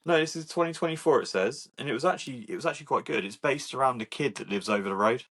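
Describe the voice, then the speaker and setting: A man's voice: medium pitch, expressive, quick pace, fairly bright tone. A man co-hosting a podcast, talking in a laid-back, matter-of-fact way in casual chat. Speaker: podcast co-host.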